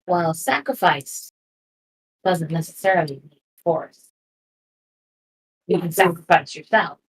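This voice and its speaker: A woman's voice: lowish voice, breathy edge, poor audio. A woman at a tabletop game who chooses her words carefully. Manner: careful, deliberate wording.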